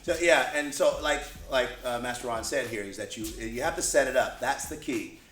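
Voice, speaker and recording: A man's voice: mid-range voice, moderate pace, a bit bright, slight background noise. A man co-hosting a martial arts lesson, explaining in an easygoing way with frequent "you know" and "right". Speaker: co-host martial arts teacher. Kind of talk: casual demonstration lesson. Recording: echoey room.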